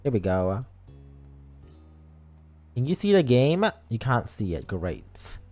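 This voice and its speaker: Young male vtuber, playful and theatrical, lively pitch swings, trips over words. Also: slow pace, soft background music. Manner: playful, dramatic mock outrage, stumbles over words. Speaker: vtuber streamer. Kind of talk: casual livestream chat reading comments.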